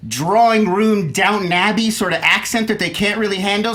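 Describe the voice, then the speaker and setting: A young man arguing a point in a comedic debate panel, fast and emphatic, breaking into laughs. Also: sits high, sharp tone.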